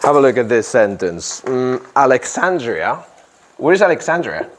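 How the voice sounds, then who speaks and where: Male teacher, classroom lesson, deliberate delivery with punchy stressed words, animated pitch. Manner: slow, deliberate, stresses key words, quizzes students. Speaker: English teacher.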